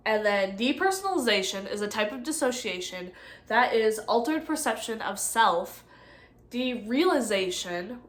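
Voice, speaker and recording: A young woman going over nursing study notes in a halting, casual way, full of ums and likes. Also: mid-range voice, fairly bright tone. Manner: halting, many ums and likes, self-correcting. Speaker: nursing student presenter. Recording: echoey room.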